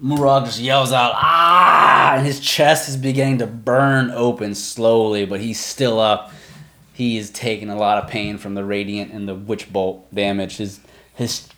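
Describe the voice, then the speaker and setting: A man's voice: fairly low pitch, flat delivery, moderate pace. Laid-back man running a tabletop game. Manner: laid-back, laughs easily. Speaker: game master.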